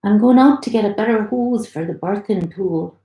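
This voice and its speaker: A woman doing a soft-spoken, caring young man. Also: medium pitch, normal speed, natural voice. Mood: kind. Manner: soft, calm, reassuring. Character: gentle young Derry man, caring partner. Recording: roomy echo.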